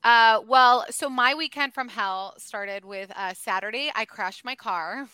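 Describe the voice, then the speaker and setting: A woman in her thirties chats with her podcast co-host, and she tells her stories in an animated way, full of "like" and "oh my gosh". Her voice is bright and smooth and sits a little high. The sound is dry and close, with no room echo. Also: a little slow. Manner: animated storyteller, lots of "like" and "oh my gosh". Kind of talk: casual chat.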